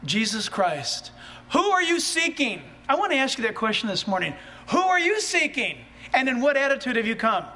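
A man preaching a sermon, animated and full of rhetorical questions that rise toward shouts. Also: extremely high pitch, normal speed. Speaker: pastor.

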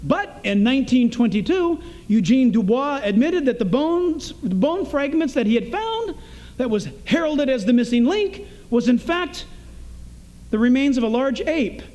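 A man's voice: very high-pitched, big pitch swings, normal speed, a little mellow. A man preaching a morning sermon, emphatic and sarcastic, firing off rhetorical questions at his congregation. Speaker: pastor.

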